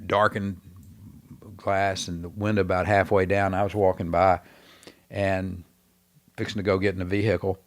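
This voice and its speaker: A man with a Texan accent, a guest on a podcast, telling stories in a rambling way with many pauses and fillers. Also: sits low, little pitch movement, dry recording. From Texas. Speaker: guest, former governor. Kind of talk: casual storytelling interview.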